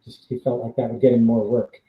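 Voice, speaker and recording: A man's voice: mid-range voice, little pitch movement, brisk, roomy sound, narrow, tinny audio. A man, a former stunt double, telling casual rambling stories with fillers and laughs. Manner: rambling anecdotes with fillers, laughs between lines. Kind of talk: casual storytelling on a live stream.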